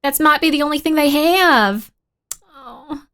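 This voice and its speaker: A woman streaming a spooky game, chatting playfully with viewers, dropping to whispers while searching and bursting into excited shouts. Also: high voice, measured pace. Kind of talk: casual live-stream gaming chat.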